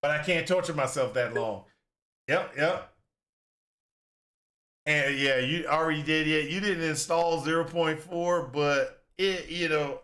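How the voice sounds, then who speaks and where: A man's voice: on the high side, unhurried, pushed and bright. A man giving casual, rambling reaction commentary on a video game, venting in exasperation and acting out his own past complaints. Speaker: gaming content creator.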